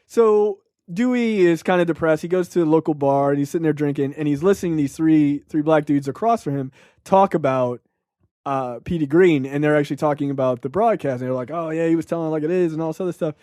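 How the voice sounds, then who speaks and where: High-voiced man telling a story. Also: quick pace, no echo, studio quality. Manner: profane, animated storytelling with many fillers. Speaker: podcast host. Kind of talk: casual chat.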